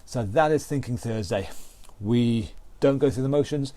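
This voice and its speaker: A man's voice: medium pitch, moderate pace, warm tone. A man with a British accent leading an online exercise class, counting down rounds and calling out moves with encouragement. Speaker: fitness instructor.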